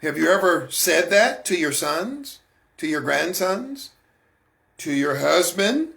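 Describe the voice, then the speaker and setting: A man with a high, bright voice and a gravelly edge talks casually to his listeners. He fires rhetorical questions at them and often stumbles over repeated words before pressing on. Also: big pitch swings, slow. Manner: conversational, asks the audience rhetorical questions. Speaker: host of a faith talk broadcast. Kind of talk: casual spoken monologue.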